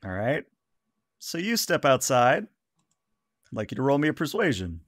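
A man narrates a tabletop game as game master in a dry, matter-of-fact way. His voice sits at a middle pitch and sounds close and dry. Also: big pitch swings, moderate pace, no room sound.

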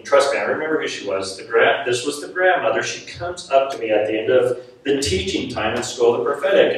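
Self-mocking preacher man in an echoey hall. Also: medium pitch. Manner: animated, self-mocking, laughs often. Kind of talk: sermon storytelling to a live audience. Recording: echoey hall, mic at a distance.

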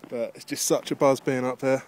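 Breathless male vlogger on a mountain ridge, chatty and rambling, mid-pitched voice, faint wind noise. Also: little pitch movement, fairly quick. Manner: rambling, chatty, with many fillers. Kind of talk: casual handheld vlog narration. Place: outdoors on a high mountain ridge.

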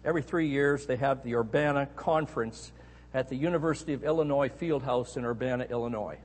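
A middle-aged Canadian man preaching a sermon, telling a story with animated emphasis on key words. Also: mid-range voice, fairly quick. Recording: echoey hall.

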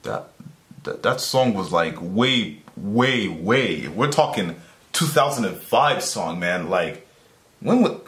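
A man hosting a video reaction, commenting casually and getting excitable and loud over the clips he watches. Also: fairly low pitch. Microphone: camera mic at desk. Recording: echoey room with loud music behind.

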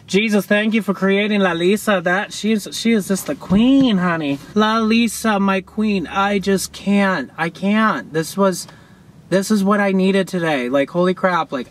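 A young man reacting to a music video from his car, gushing and sassy, with loud outbursts and laughter. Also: high voice. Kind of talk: excited reaction commentary. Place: in a parked car outdoors.

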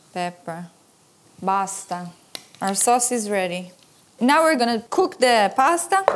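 A woman hosting a cooking show, demonstrating a recipe in a playful, enthusiastic way and sprinkling in Italian words. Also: a little high.

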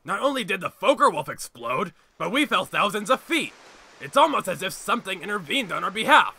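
A man's voice: high-pitched, very animated, fairly quick, gravelly, pushed and bright, slightly rough, full character voice. A man doing a hammy pirate-talking sky-pirate boss. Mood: puzzled. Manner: hammy pirate talk, boisterous.

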